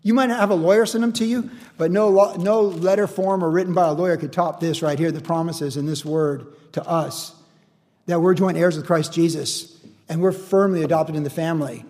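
A man preaching a sermon in an animated, conversational way, often acting out quoted voices. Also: fairly high pitch, a little fast, big-room sound. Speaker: pastor.

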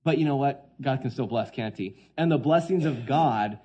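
A man preaching a sermon, swinging between hushed quoted lines and loud, emphatic points. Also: mid-range voice, moderate pace, slightly rough, highs cut off.

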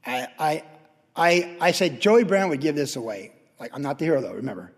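Male pastor, fairly high husky voice, quiet to loud surges, big reverberant hall. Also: a little fast. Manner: storytelling, swings from quiet to loud excited peaks. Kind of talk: sermon.

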